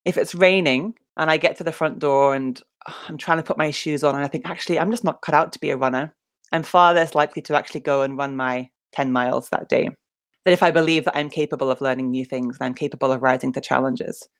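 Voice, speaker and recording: A woman's voice: extremely low pitch, steady tone, quick pace. A woman leadership coach answering interview questions thoughtfully, explaining her ideas through simple examples. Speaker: leadership coach, podcast guest.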